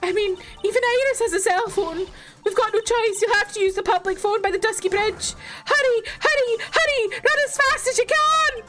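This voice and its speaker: A woman voicing a bossy, excitable young female sidekick in a high, pushy voice. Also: moderate pace, music in the background.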